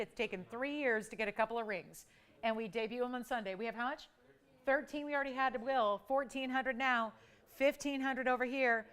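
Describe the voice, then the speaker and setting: A woman hosting a live shopping channel, calling out bids in an energetic, chatty auction patter. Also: fairly high pitch, clear, resonant tone. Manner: energetic, rapid bid calling; playful, chatty. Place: TV studio.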